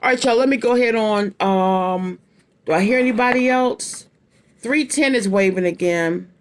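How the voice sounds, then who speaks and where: A woman in her late fifties talks straight to her viewers as she reads tarot cards. She speaks bluntly and chattily and circles back to her key phrases, with slangy, down-home wording and a pitch in the middle range for a woman. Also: moderate pace. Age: 50s. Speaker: tarot card reader. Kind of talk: casual tarot reading to viewers.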